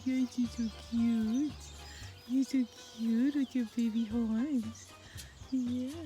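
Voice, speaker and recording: Woman cooing baby talk at animals. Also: warm tone. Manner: high sing-song baby talk to animals. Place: outdoors on a farm.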